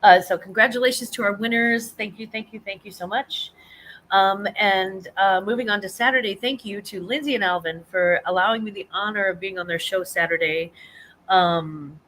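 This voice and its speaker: A woman's voice: mid-range voice, moderate pace, fairly bright tone, slight background noise, low-quality recording. A woman, hosting a casual live-stream chat, rambling with many ums and restarts. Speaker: host of a live reselling chat show.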